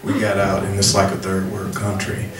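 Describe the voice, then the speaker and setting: A man with a deep voice telling rambling, self-deprecating comic stories at a cafe open mic. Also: completely flat delivery, moderate pace. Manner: rambling, self-deprecating, laughs at his own jokes. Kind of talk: comic storytelling. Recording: roomy cafe, distant mic, crowd noise.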